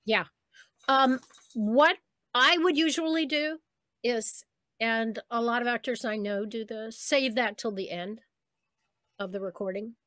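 A woman's voice: a little high, measured pace, pauses often, a bit bright, dry recording, clean studio sound. An older woman, a voice actress as interview guest, telling stories in a reflective, chatty way with small laughs. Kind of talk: casual interview chat.

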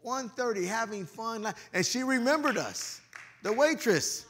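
A male pastor speaks a little slowly through a lively sermon full of jokes, moving between loud preaching and quiet muttering and using everyday slang. The recording carries a little hiss or hum.

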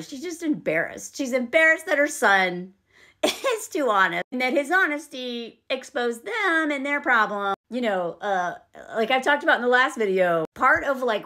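High, lively, sarcastic woman commentator. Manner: animated, sarcastic, frequent laughter. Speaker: movie commentator. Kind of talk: casual reaction commentary.

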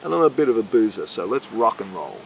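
A man's voice: lowish voice, very animated, fast, gravelly, background noise. A middle-aged man being interviewed, rambling in a boisterous, swaggering and profane way. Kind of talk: rambling casual interview talk.

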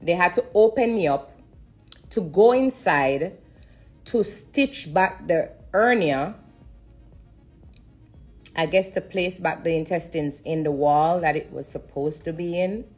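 A woman giving an earnest personal testimony on a live stream, repeating herself and pausing to hold back tears. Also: lowish voice, faint music behind. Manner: earnest and repetitive, stopping to steady herself. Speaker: singer sharing a personal testimony.

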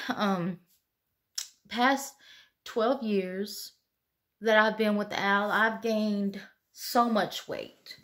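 A young woman talks openly to her camera late at night, her voice tearful and interrupted by sighs. She rambles and circles back, leaning on "you know" as she goes. The pitch and pace sit in an ordinary middle range. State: tearful, sighing. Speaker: vlogger.

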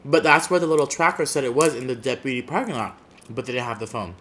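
A man's voice: mid-range voice, quick pace, fairly bright tone. A man telling a story in a casual chat over a meal, dramatic and repeating phrases for effect. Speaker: guest.

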